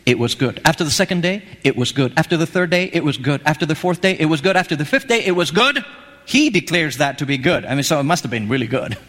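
Speaking fast and animatedly in a slightly high, fairly bright voice, a man preaches in a conversational manner and keeps asking his listeners questions. The sound echoes as if in a hall.

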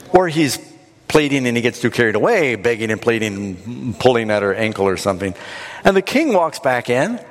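A man preaching a sermon, retelling a scripture story in an animated, dramatic way. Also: mid-range voice, long reverb tail. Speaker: pastor.

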